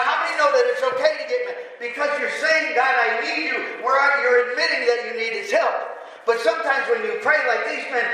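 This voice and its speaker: A man's voice: high voice, pushed and bright. A man preaching a sermon to a congregation, asking rhetorical questions and building to emphatic passages. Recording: echoey hall from far off, faint room noise.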